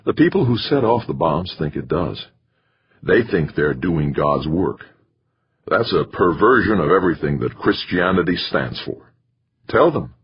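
Guy doing an angry shaken scientist, blunt, gravelly deep voice, lo-fi muffled audio. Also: sing-song, measured pace, heavily acted. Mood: bitter. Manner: blunt and bitter. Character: shaken, angry male scientist leading a Mars program. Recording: muffled lo-fi recording.

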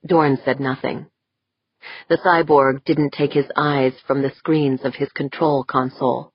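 A woman narrating an audiobook in a measured, even reading. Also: rumbling low, breathy edge, no echo. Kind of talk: scripted narration. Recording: dull, muffled audio.

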